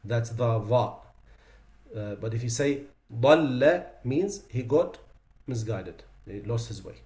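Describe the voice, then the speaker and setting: A man teaching a tajweed class on recitation mistakes. He recites each sound as an example, then drops his voice low to say what is wrong with it. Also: expressive, slow pace, darkish tone. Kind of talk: tajweed lesson.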